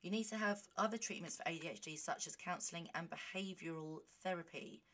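Brief: woman, solo podcast host, animated and self-mocking, slightly low voice. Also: a little fast. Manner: chatty, animated and self-mocking, reading aloud with asides. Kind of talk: casual solo monologue.

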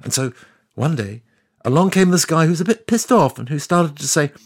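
God as a gravelly, wry old deity. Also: male voice, fairly high pitch, expressive, normal speed, dry recording, studio quality. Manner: sardonic, conversational storyteller. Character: God, ancient male deity, wry and chatty. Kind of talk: scripted comic monologue.

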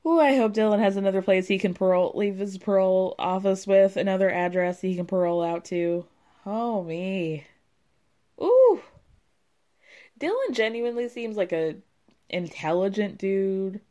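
A young woman recapping a reality show in a casual, animated way, swearing freely and laughing often. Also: mid-range voice, moderate pace.

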